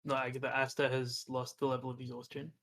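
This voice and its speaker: A man's voice: medium pitch, monotone, fast, fairly bright tone, slight background noise. Guy player, average voice, plain matter-of-fact delivery. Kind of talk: playing a tabletop game.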